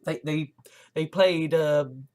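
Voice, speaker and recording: A vlogger talking in a casual monologue, rambling and halting with many restarts and nervous laughs, earnest and agitated, with some swearing. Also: mid-range voice, fairly even intonation, darkish tone.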